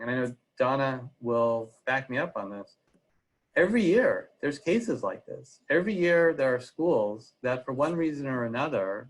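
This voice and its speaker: A man's voice: medium pitch, rough recording. A man giving a legal presentation on a video call, speaking conversationally with frequent "uh" fillers. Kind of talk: webinar presentation.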